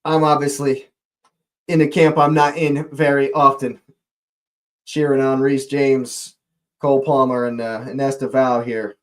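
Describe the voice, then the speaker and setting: A man with a mid-range voice and measured pace runs a live watch-along, calling the action as a fan and chatting with viewers. He greets people in the chat and gets excitable, his voice jumping at near chances.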